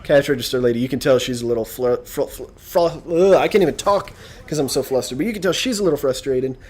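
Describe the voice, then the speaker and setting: A man's voice: mid-range voice, racing, a little mellow, slightly rough. A young man vlogging a casual, sarcastic, rambling rant about an annoying shopper. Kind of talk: casual ranting vlog.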